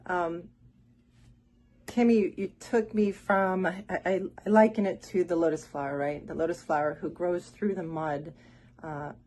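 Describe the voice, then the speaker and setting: A woman from Miami giving a heartfelt, halting testimonial, close to tears. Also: fairly low pitch, fairly even intonation, darkish tone, slight background noise. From Miami, Florida. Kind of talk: emotional spoken testimonial.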